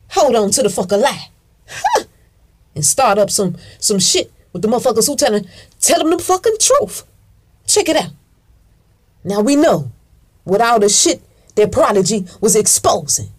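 Speaking in a slightly rough, higher-pitched voice, a female video commentator rants casually and directly at her audience. She swears, stresses her points, says things more than once, addresses listeners as "honey," and supplies answers to her own questions in this monologue.

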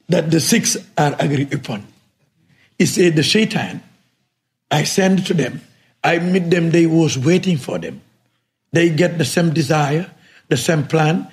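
Man, religious teacher, sermon, fairly high voice, loud then very quiet. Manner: non-native English, asks listeners if they follow, swings between loud and very quiet.

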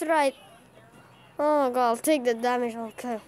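A woman giving excitable live commentary over her own card-battle game, cheering and groaning at every play. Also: on the high side, moderate pace, pauses often. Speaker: gaming channel host.

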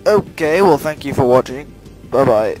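A man's voice: mid-range voice, lively intonation, normal speed, loud music behind the voice. A young man giving silly, rambling commentary while playing a shooter game, with frustrated outbursts, on a headset mic. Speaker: gamer. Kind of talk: gameplay commentary. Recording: loud gunfire game audio behind.

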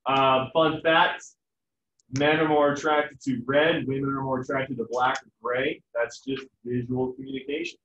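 A man's voice: mid-range voice, little pitch movement, a little slow, a bit bright, a little hiss or hum. A man teaching a biology class in a casual, joking lecture manner. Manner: casual, joking, acts out family voices. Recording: echoey, distant, dull room sound.

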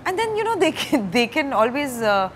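A woman, talking as a guest in a candid stage interview, soft-spoken and hesitant with many fillers. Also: high-pitched, very animated, moderate pace, a little hiss or hum. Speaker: actor and director, interview guest. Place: stage before a live audience.

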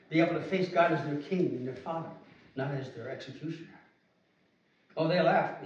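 Brief: high-voiced male pastor, fervent sermon, far from the mic in a booming church. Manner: builds from quiet teaching to loud fervent preaching. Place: church sanctuary. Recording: distant mic in a very echoey church.

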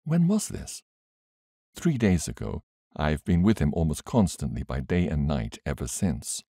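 A man reading aloud and voicing a gentle, grave older brother in an audiobook. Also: extremely low pitch, very animated, measured pace, slightly rough, no room sound, clean studio sound, heavily acted. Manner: gentle and sad.

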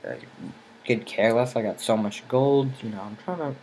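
A teenage boy talking casually over his gameplay. He rambles with lots of fillers and gets excited when fights go well. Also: mid-range voice, moderate pace, a little hiss or hum. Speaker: gaming channel host. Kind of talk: casual let's-play commentary.

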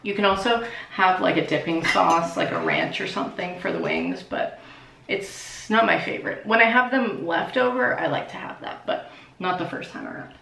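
A woman's voice: fairly low pitch, normal speed, bright, forceful tone. A young woman casually chatting as she cooks and eats at home, bubbly and swearing now and then. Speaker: cooking vlogger. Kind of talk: casual cooking vlog. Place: home kitchen. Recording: echoey kitchen, clear background noise.

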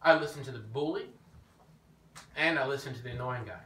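A man preaching an informal teaching sermon, telling his own story in an animated way that rises when he gets emphatic. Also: mid-range voice, a little fast. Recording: echoey room, mic at a distance, faint background noise.

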